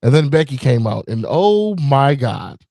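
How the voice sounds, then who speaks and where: A man's voice: mid-range voice, very animated, unhurried, warm tone, no echo. A man co-hosting a casual wrestling podcast, blunt, profane and wisecracking. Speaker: podcast co-host.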